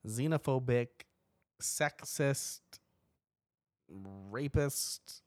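A podcast co-host in casual chat about a horror movie, animated and laughing often, bursting into loud acted-out reactions. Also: mid-range voice, drawn-out words, no room sound.

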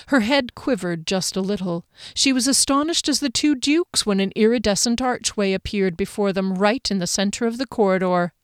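A woman narrating a fantasy audiobook with a steady, expressive reading. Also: medium pitch, smooth, no echo, clean studio sound. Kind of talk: scripted narration.

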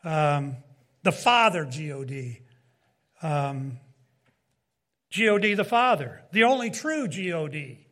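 A man's voice: fairly high pitch, expressive, unhurried, a bit bright. A man preaching a Bible teaching in sermon style, emphatic, with rising and falling delivery and asides to his listeners.

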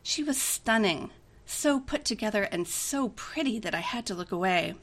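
Bright-voiced woman reading a story. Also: mid-range voice, animated, moderate pace. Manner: chatty, giggly narration. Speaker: story reader. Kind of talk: reading a romantic comedy story aloud.

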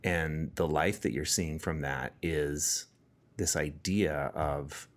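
Deep-voiced reflective male host. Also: steady tone, takes it slowly. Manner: reflective, explains ideas with restarts and fillers. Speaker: podcast host. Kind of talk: casual conversational interview.

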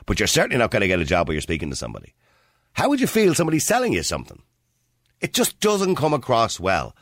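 A man with a Dublin Irish accent hosting a radio phone-in, talking bluntly and forcefully, arguing his point. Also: medium pitch, wildly swooping pitch, fast, no room sound, clean studio sound. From Ireland (Dublin). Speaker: radio show host. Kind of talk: opinionated radio phone-in talk.

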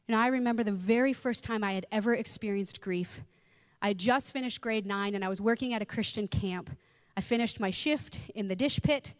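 A woman preaching with an expressive, storytelling delivery, giving voice to the people she quotes as she goes. Her voice sits fairly high, and a long reverb trails after her words as if she is in a large hall. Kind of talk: sermon with personal storytelling.

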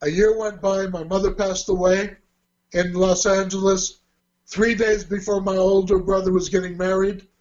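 A man with a high voice telling a personal story casually, slipping into quoted dialogue with real animation. The recording sounds dull and lo-fi. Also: flat delivery, normal speed, darkish tone. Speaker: guest telling a life story. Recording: dull lo-fi audio.

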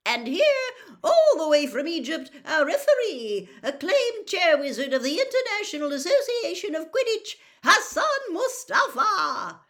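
A woman voicing a showy male wizard stadium announcer, shouting names to the crowd. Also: very high voice, very animated, measured pace, voice pushed up, exaggerated voice. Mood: announcing. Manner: loud, shouted proclamations.

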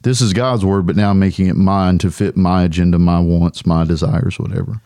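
A man in a casual faith discussion, calmly explaining his point in a measured way. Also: low-pitched, no echo, studio quality.

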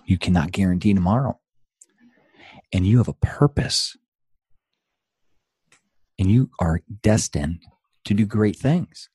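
A middle-aged man talks as an interview guest, earnest and motivational, leaning on rhetorical questions. His voice sits low and a little husky, and his pitch swings widely as he talks. The sound is dry and close. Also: lively intonation, takes it slowly, pauses often, warm tone, dry recording. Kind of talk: conversational interview.

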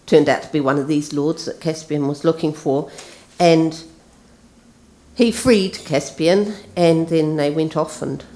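Slow-speaking woman giving a sermon. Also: deep voice. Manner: relaxed, conversational with fillers. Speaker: preacher. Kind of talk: sermon with story reading.

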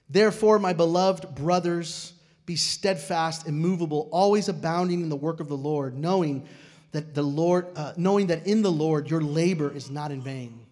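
A middle-aged male pastor preaching a sermon, telling stories with dramatic swings from loud declarations to hushed, quiet moments. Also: high voice.

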